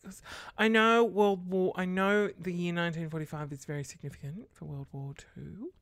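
A woman's voice: low voice, moderate pace, fairly bright tone, no echo. A woman hosting a casual solo podcast late at night, rambling and sarcastic, muttering curses under her breath. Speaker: podcast host.

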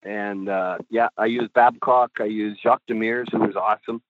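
A man's voice: fairly low pitch, steady tone, normal speed, no echo. A middle-aged man, a goalie coach, telling rambling stories on a podcast with chuckles and casual swearing. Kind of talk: podcast storytelling. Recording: tinny phone-like line, dry.

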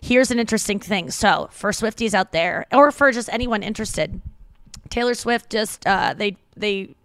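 A woman co-hosts a podcast in loose, casual chat, rambling and gushing as she goes. Her voice sits at an ordinary middle pitch and is close-miked in a dry, dead studio sound. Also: normal speed, no echo. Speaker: podcast co-host.

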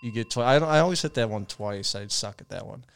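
A man's voice: mid-range voice, animated, fast, fairly bright tone, smooth. A young man co-hosting a podcast, talking in a loose, profane, rambling way with lots of restarts. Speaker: podcast co-host. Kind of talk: casual podcast chat.

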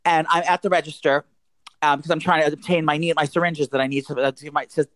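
Podcast co-host, New man, quick and animated, swears freely, dry close mic. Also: fairly high pitch, dry recording. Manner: rambling, profane, animated retelling. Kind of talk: casual storytelling chat.

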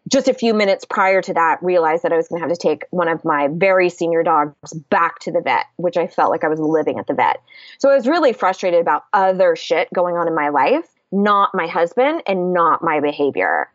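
A woman's voice: lowish voice, lively intonation, a little fast, no echo, dull audio. A woman speaking candidly in a casual podcast conversation, explaining ideas and swearing freely.

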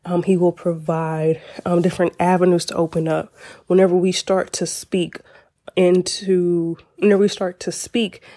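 A young woman hosting a faith and mindset podcast, chatty and encouraging, often breaking into laughter. Her voice is mellow and slightly low, recorded close and dry with no room sound. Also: little pitch movement, normal speed, no room sound. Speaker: podcast host. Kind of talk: casual faith and mindset talk.

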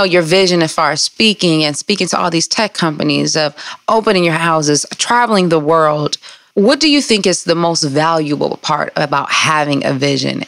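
Woman, host, low-pitched, earnest, motivational, dry recording. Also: vocal fry, fairly bright tone, no room sound. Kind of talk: casual conversation.

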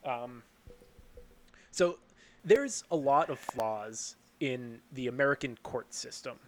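A man's voice: medium pitch, slow pace, a little hiss or hum. Self-deprecating man setting up a joke. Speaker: podcast guest. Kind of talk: casual comedic chat.

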